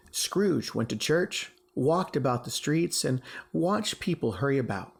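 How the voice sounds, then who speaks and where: A man, a teacher, reading a storybook aloud with expressive, emphatic delivery. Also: mid-range voice, measured pace, creaky, slightly rough.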